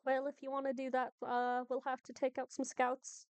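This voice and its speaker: A woman's voice: sits high, monotone, moderate pace, clean tone, dry recording, close to an everyday voice. A woman game master voicing a wary female guide in a put-on Irish accent that drifts, speaking with many ums and restarts. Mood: cautious. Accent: put-on Irish, drifting toward Boston. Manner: hesitant, full of ums and restarts.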